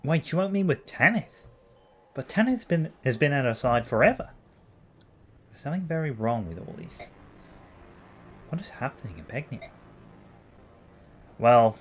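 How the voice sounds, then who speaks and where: A man reading a blunt young commander. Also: on the low side.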